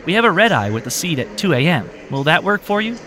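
A man's voice: on the high side, big pitch swings, fast, sharp tone, pitched above the performer's own voice. A man voicing a polite female airline counter clerk in an audiobook.

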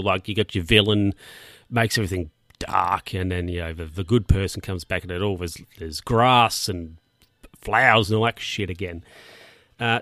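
A man's voice: fairly low pitch, fairly bright tone, no echo, clean studio sound. Rambling jokey man recapping a film. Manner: rambling, jokey, crude asides, many restarts. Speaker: film reviewer.

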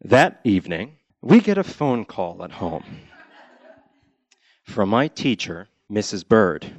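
A man's voice: lowish voice, slow pace, no echo, highs cut off. A man from Connecticut telling a childhood story on stage with wry delivery, acting out family voices. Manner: wry, deadpan delivery with acted-out quotes. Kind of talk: live personal storytelling.

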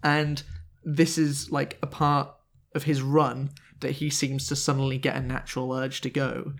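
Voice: medium pitch, level tone, measured pace. A podcast host in casual chat, joking and laughing often while reading out a news story, with many restarts.

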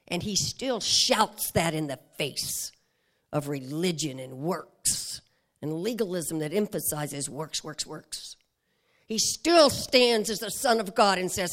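A woman preaching a dramatic sermon, swinging between whispers and loud proclamation. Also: lowish voice, lively intonation, measured pace.

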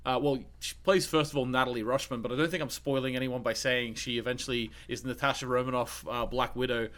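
A man's voice: medium pitch, steady tone, fast talker, a bit bright. Young guy podcasting about movies, rambly, keeps restarting, lots of ums. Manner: rambling, many restarts and fillers. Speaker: podcast co-host. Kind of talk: casual film chat.

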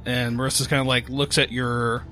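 A man's voice: mid-range voice, level tone, moderate pace, bright, forceful tone, soft background music. A man narrating as game master of a tabletop game, loose and hesitant with many fillers.

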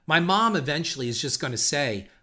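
A man's voice: fairly high pitch, very animated, brisk, bright, forceful tone. A middle-aged man hosting a podcast, telling a personal story in a candid, reflective way with the odd curse word. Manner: candid, reflective, occasional swearing. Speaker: podcast host.

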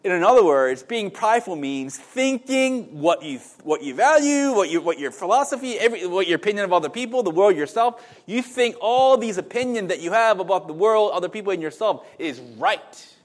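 A middle-aged male pastor delivering a sermon. His voice sits a little high and swings widely in pitch. He talks conversationally, turning to the congregation with asides and restarting his sentences. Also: animated, fairly quick, few pauses.

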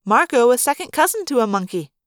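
A woman voicing a bold, confident teenage girl who speaks briskly and teases. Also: on the high side, sing-song, fairly bright tone, no echo, clean studio sound, pitched above the performer's own voice.

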